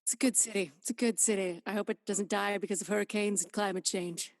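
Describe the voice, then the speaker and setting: A woman from Idaho, a guest in a casual podcast chat, talking in a chatty, animated way. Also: medium pitch, fast, dry recording, studio quality, long reverb tail. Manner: chatty and animated, slides into voices. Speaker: guest narrator.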